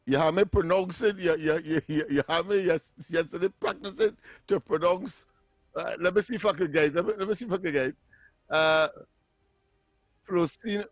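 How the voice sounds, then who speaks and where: Man, radio host, fairly high voice, dry close sound, laughs and repeats himself. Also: normal speed, no echo. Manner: laughs often, repeats words while working through them. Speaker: radio talk show host. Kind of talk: casual radio banter.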